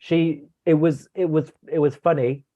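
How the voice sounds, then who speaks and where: A man's voice: on the high side, fairly even intonation, normal speed. Opinionated man, dull lo-fi sound. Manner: chatty and opinionated, stammering restarts. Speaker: co-host guest. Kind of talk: casual review chat.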